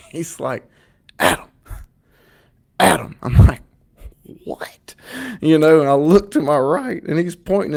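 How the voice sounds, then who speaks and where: A man, a podcast co-host telling a long, rambling hunting story in casual chat. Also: medium pitch. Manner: animated, rambling storyteller with fillers.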